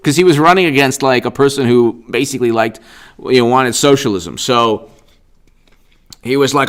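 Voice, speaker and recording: Sarcastic male political commentator, clear voice. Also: mid-range voice, normal speed, long pauses. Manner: sarcastic, animated, repeats himself. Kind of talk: live-stream commentary.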